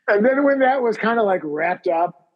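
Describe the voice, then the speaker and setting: A man's voice: high-pitched, long reverb tail, muffled recording. A man hosting a comedy podcast, joking and rambling in a self-mocking way. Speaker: podcast host. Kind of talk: casual comedic chat.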